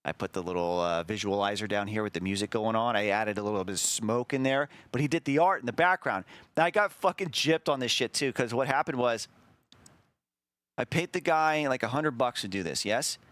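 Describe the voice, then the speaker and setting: Streamer dude rambling, pokes fun at himself, dry no-room sound, middle pitch. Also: male voice, fairly quick, fairly bright tone, no room sound. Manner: rambling, self-deprecating. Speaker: streamer host. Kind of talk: casual chat.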